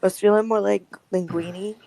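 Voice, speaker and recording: A man putting on a high teasing voice that cuts in with wry remarks. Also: fairly even intonation, normal speed, creaky, warm tone, rough recording.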